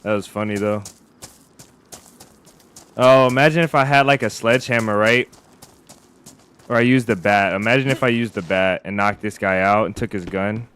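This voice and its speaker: A man's voice: lowish voice, normal speed, pauses often, clean tone. A man streaming a survival game, chatting casually and rambling with his viewers. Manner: relaxed, rambling, chats with viewers. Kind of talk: casual live-stream commentary.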